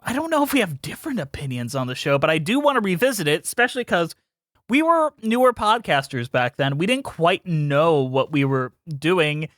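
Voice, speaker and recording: Guy hosting a podcast, high bright voice, goofy and chatty, dry close mic. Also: sing-song, normal speed, dry recording. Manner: playful, laughs often, loose rambling. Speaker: podcast host. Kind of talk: casual chat.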